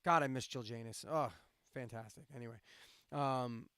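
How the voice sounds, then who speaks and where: A man's voice: medium pitch, normal speed, fairly bright tone, clear, resonant tone, no room sound. A man hosting a late-night casual chat stream, ranting and swearing, from central Pennsylvania. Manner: ranting, profane, sarcastic. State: insomniac, drinking coffee late at night. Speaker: live-stream host and radio DJ.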